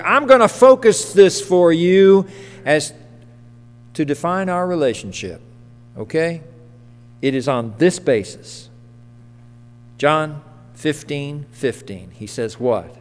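In a church sanctuary with long, echoing reverb, a male pastor preaches in a conversational style and keeps asking the congregation questions. His fairly high voice is expressive and unhurried, broken by long pauses.

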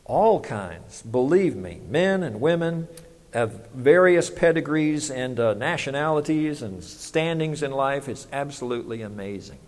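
A man's voice: mid-range voice, expressive, a little slow, a little mellow. A man, preaching a sermon as pastor, conversational and full of rhetorical questions. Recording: long hall reverb.

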